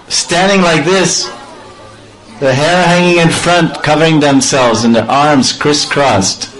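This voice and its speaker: Man, devotional storyteller, animated, playful, fairly high voice, faint crowd. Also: poor audio. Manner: animated, playful, laughs often, acts out sounds. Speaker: spiritual storyteller.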